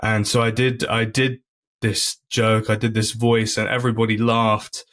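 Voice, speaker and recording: A man's voice: fairly low pitch, little pitch movement, moderate pace, fairly bright tone. A comedian, a man, chatting as a podcast guest and telling stories in an earnest way. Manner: earnest, storytelling, many fillers and restarts. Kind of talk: casual chat.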